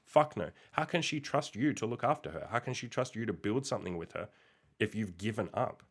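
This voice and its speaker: A man's voice: on the low side, animated, a little fast, husky. A young man hosting a casual podcast monologue, reacting with exasperated, incredulous, sweary outbursts. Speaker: podcast host reacting to a post.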